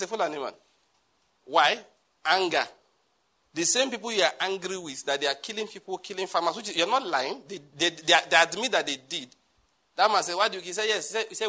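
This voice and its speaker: A man with a Nigerian accent delivers a church sermon. His voice is bright and sits a little high. He moves between stern warnings and joking asides, laughing at his own lines. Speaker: pastor.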